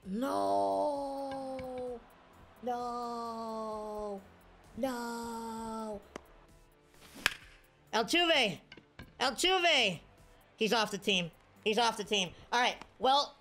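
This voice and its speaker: A woman commentating her own video game play, excitable and cheering on or scolding her players. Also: mid-range voice. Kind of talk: casual gameplay commentary.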